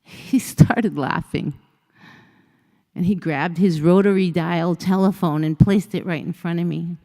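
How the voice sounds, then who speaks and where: Woman storyteller with a gravelly, mellow voice. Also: lowish voice, steady tone, unhurried. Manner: vivid storytelling, acting out dialogue with shifting voices. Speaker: motivational speaker. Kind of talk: storytelling keynote speech. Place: conference stage in a large hall. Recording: long hall reverb.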